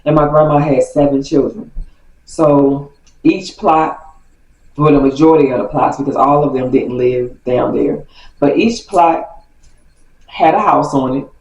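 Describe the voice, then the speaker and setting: A woman telling a story from her childhood to her viewers in a chatty, animated way. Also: a bass voice, a little slow. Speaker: vlogger. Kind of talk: casual storytime. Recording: roomy, distant from mic.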